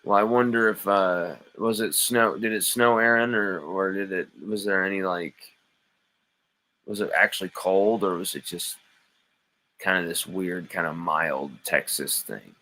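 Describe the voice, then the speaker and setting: A man's voice: sits low, steady tone, a little slow, sharp tone, slight background noise, poor audio. A man hosting a live sports stream, reading chat comments aloud and arguing back with playful mock indignation.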